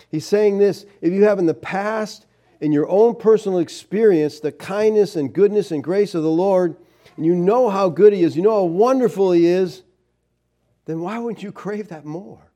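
A middle-aged male pastor preaching with a warm, mellow tone. He tells stories with lively swings, rising to loud emphasis and dropping to hushed asides. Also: sits high, moderate pace. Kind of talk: sermon.

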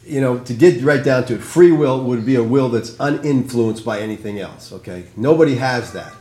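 A man's voice: mid-range voice, normal speed, a little mellow, roomy sound. A man leading a Bible study as pastor, plain-spoken and conversational, often checking in with the group. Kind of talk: teaching sermon with group discussion.

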